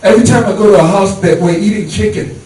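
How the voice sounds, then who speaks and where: A man's voice: sits high, fairly even intonation, fast talker. A man performing a stand-up comedy set, telling stories loosely with lots of fillers. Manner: loose storytelling with many fillers. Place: comedy show venue with audience. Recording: echoey room, mic far off, crowd. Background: audience laughter.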